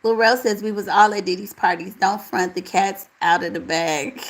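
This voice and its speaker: A woman hosting a casual live chat, reading out viewer comments and answering them in a relaxed, talkative way. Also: mid-range voice, moderate pace, rough recording. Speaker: livestream host reading chat.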